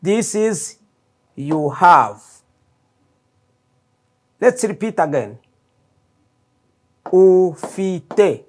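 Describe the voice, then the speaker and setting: Slow Rwandan-accented male language teacher. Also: high-pitched. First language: Kinyarwanda. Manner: repeats words slowly for learners. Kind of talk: slow classroom language lesson.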